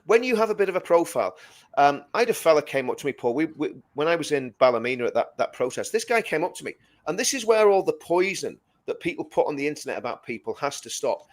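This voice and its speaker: Emphatic man in casual chat. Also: a little high. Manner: emphatic, repeats words while building a point. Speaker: co-host. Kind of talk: casual live-stream chat.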